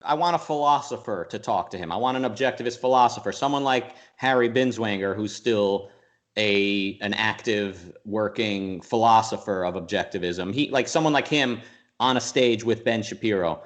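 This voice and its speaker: A man's voice: lowish voice, moderate pace, fairly bright tone. Rambling, thoughtful young man. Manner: thoughtful, rambling, restarts a lot, sometimes mimics voices. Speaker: interview guest. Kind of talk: casual conversational interview.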